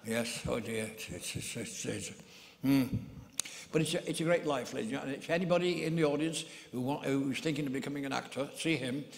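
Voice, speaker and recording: A man's voice: medium pitch, a little fast, creaky. An older man, a comedian, telling rambling comic stories on stage with many stammered restarts. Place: theatre stage. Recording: long hall reverb.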